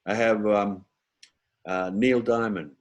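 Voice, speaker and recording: A relaxed comedian and impressionist chatting as a guest, his male voice on the lower side. He thinks aloud as he goes, reaching for names with plenty of fillers. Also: slow pace. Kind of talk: casual interview chat.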